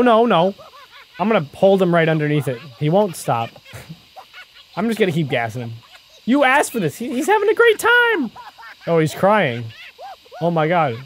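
Man, high voice, animated pitch, excitable let's play commentary, talks to the game. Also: slight background noise. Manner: excitable, talks to the game character, often exclaims. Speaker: gaming channel host.

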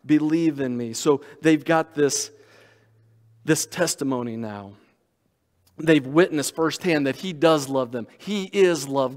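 A man preaching a sermon as pastor, reading scripture aloud and slowing down to stress key words. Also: fairly high pitch, big-room sound. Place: church sanctuary.

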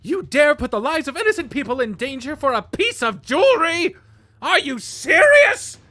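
A man voicing a fierce, righteous female knight, loud and formal in her declarations. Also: very high-pitched, lively intonation, moderate pace, no echo, voice pushed up. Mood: furious.

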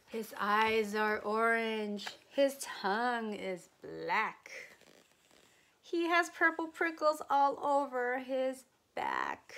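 A woman teacher reads a picture book aloud to a child, slow and expressive. Her voice sits slightly high, and she stops to ask simple questions. The reading is unhurried. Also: vocal fry.

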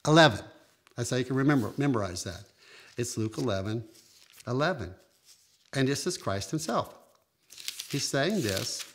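Male pastor preaching, mid-pitched voice, emphatic with sudden high jumps and drawn-out phrases. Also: fairly bright tone. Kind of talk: sermon.

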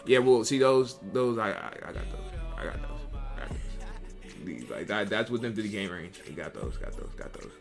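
A man's voice: lowish voice, very animated, moderate pace, vocal fry, music in the background. A young adult man streaming live, giving casual, profane commentary and repeating himself a lot as he talks to his chat.

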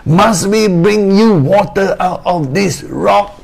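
A preacher voicing an angry old male prophet scolding a crowd of rebels in a raised, high voice. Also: takes it slowly, creaky, heavily acted. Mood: furious.

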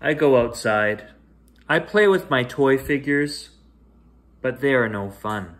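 A storyteller reads a picture book to children as a bedtime story, going slowly and gently. His ordinary middle-pitched voice climbs into sing-song highs and falls to soft, hushed lines as the story unfolds, making the reading gentle and expressive.

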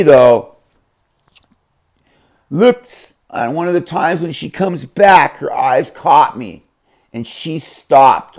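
A man telling a rambling, profane story in a casual, animated way. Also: low voice, gravelly. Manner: profane, rambling, animated, acts out others' voices.

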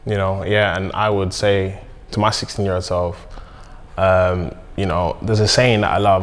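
A man with a London accent calmly giving advice in casual conversation, with a measured delivery and "you know" fillers. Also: deep voice. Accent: London English. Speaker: basketball player.

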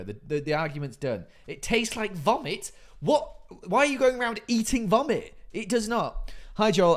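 A man in his thirties, chatting casually with his live stream audience and reading out chat messages in a playful way. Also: on the high side. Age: 30s. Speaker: livestreamer.

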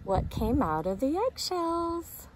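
A woman teacher reading a picture book aloud to preschoolers, gently explaining and asking them questions. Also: high voice, big pitch swings, slow pace, a little hiss or hum. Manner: asks young listeners questions, explains gently.

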